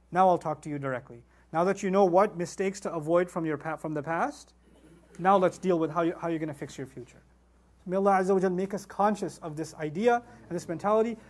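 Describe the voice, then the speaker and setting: A man giving a Quran lecture, animated, with emphatic outbursts, acted quotes and rapid Arabic recitation. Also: high voice. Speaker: Quran teacher.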